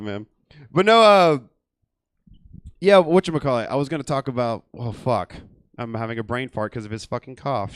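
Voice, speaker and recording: A man's voice: medium pitch, fairly bright tone, smooth, no echo. A man hosting a stand-up comedy night with a loose, crude and rambling delivery on a small theater stage. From California. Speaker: comedy show host.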